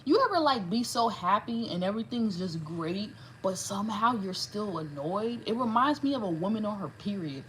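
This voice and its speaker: A woman's voice: mid-range voice, moderate pace, few pauses, rough recording. Woman w/ a doing a tarot reading, rambly n cussing, bit of hiss in the back. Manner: animated, profane, rambling. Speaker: tarot reader. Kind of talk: casual tarot reading monologue.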